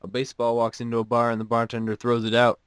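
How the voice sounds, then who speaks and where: Man, mid-pitched voice, casual joke reading, dry self-mocking asides, close dead recording. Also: monotone, fast talker, clear, resonant tone, dry recording. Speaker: host reading jokes.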